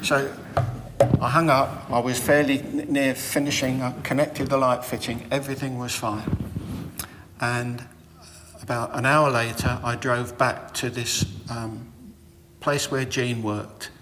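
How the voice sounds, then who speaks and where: A middle-aged man giving a reflective, sermon-style talk, telling personal stories about faith in a measured way. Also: mid-range voice, level tone, long reverb tail, background noise.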